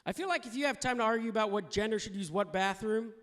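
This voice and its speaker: Quick and fairly bright-toned, a high-voiced man performs comedy on a club stage before an audience. He chuckles at his own material and mimics whoever he's quoting, with laughter and room noise audible throughout.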